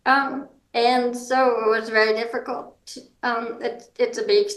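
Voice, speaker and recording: Woman speaking a bit high, roomy echo. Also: flat delivery. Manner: informal, halting, with frequent um fillers and restarts. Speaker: guest, hard of hearing and seniors advocate. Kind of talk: explanatory advice talk.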